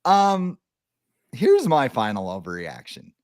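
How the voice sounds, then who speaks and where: Here a young man co-hosts a casual sports podcast, speaking slowly at medium pitch with no echo. His delivery is animated and playful, full of jokes and acted-out quotes.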